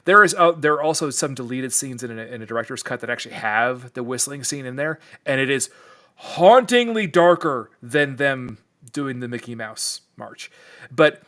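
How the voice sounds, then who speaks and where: A man's voice: medium pitch, fairly bright tone. A man appearing as a podcast guest in casual chat, joking and teasing.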